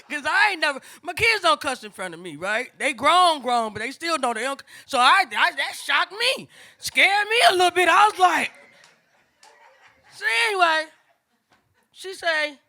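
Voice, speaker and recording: An older woman with telling a family story on stage, conversational and acting out voices of her relatives. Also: high voice. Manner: animated, acts out family voices, casual and conversational. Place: stage before a live audience.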